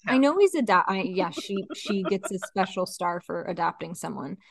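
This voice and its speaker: A chatty woman co-hosting a podcast, rambling loosely with lots of fillers and easy laughter. Her voice sits at a middling pitch. The sound is close and dry. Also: lively intonation, moderate pace, creaky, breathy edge, dry recording. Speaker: podcast co-host. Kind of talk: casual chat.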